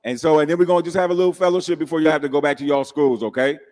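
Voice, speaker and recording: A man's voice: on the high side, fairly even intonation, racing, darkish tone. A man giving a young crowd casual, upbeat march instructions. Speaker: event organizer. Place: large church hall. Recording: echoey church hall.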